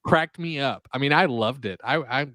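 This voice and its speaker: A man co-hosting a casual livestream podcast, animated and jokey in quick bursts. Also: mid-range voice, no echo. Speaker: podcast co-host.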